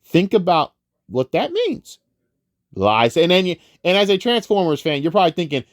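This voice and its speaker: Profane, animated man ranting about movies. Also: sits high, normal speed, no echo, studio quality. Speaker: movie reviewer. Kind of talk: casual film review rant.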